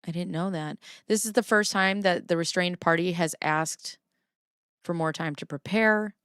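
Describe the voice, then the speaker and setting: A woman's voice: on the low side, moderate pace, fairly bright tone, smooth, no echo, clean studio sound. A middle-aged woman hosting a casual livestream. She talks playfully, laughs often, chats with her viewers and reads court filings aloud. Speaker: livestream host.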